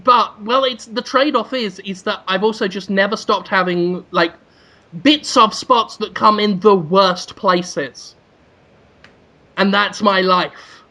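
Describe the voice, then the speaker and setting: Bright-voiced man in jokey chat. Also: high-pitched, slow. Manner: animated, sweary, jokey. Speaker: podcast co-host. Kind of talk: casual chat.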